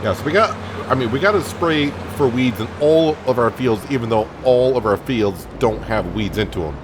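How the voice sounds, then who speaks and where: A man talks through his farm game in an easygoing, chatty way, thinking out loud and pausing on fillers. His voice sits at a middling pitch. A steady noise hum runs under the recording. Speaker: gameplay commentator. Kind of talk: casual let's-play commentary. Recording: noticeable background noise.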